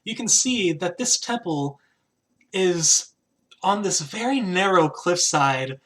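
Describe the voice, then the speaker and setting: A man's voice: high voice, lively intonation, takes it slowly, a bit bright. A man narrating as game master in a tabletop game, talking casually with frequent hesitations. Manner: casual, hesitant, lots of "kinda".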